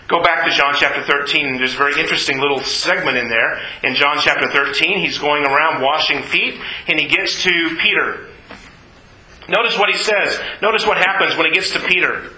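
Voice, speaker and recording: A male pastor preaching an animated sermon, acting out voices from Bible scenes. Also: a little high, moderate pace, reverberant, low-quality recording.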